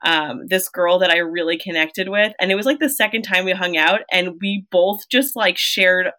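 Woman co-host, expressive and quick to laugh, bright tone. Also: fairly low pitch. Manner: expressive, laughs while talking. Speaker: podcast co-host. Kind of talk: casual chat.

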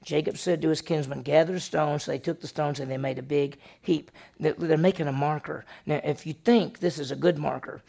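A male pastor preaches in a slightly high, gravelly voice. He tells the story with animated delivery and acts out the characters' lines as he goes. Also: a little fast, hardly any pauses. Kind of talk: sermon.

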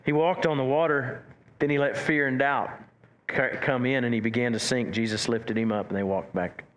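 A man preaching a sermon as pastor, animated, stumbling over repeated words and acting out quotes. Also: medium pitch, moderate pace, dull audio.

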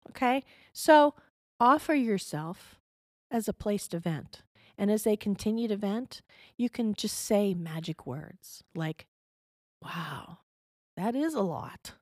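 A woman's voice: mid-range voice, animated, unhurried, darkish tone, no room sound, studio quality. A middle-aged woman giving parenting advice as an interview guest, patient and explanatory, often checking in with the listener.

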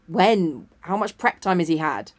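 A woman co-hosting a podcast in casual chat. Her pitch swoops a lot, and she reacts to what she hears with teasing remarks and dramatic exclamations. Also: expressive, a little slow. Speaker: podcast co-host.

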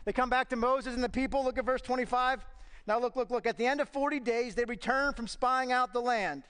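A man's voice: extremely high pitch, fairly bright tone, clear, resonant tone. A man preaching a sermon as pastor, emphatic and full of rhetorical questions. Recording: long reverb of a large hall.

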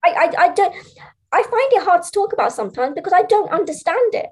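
A woman's voice: very high voice, sing-song, fast talker, a little mellow. A middle-aged woman, a speech practitioner and parent, talking earnestly in an interview, often repeating words and saying "you know". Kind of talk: conversational interview.

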